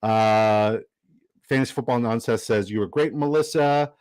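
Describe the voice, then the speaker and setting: A man's voice: medium pitch, normal speed, clear, resonant tone, no room sound, rough recording. A man hosting a live stream in a casual, upbeat way, rambling and reading out viewer comments. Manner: chatty and upbeat, rambling with fillers and shout-outs. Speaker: livestream host.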